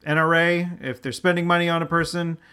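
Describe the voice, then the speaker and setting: Male co-host, sincere and halting, swears casually, bright tone. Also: a little high, steady tone, clear, resonant tone. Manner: earnest, halting, profane. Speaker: podcast co-host. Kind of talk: casual comedic chat.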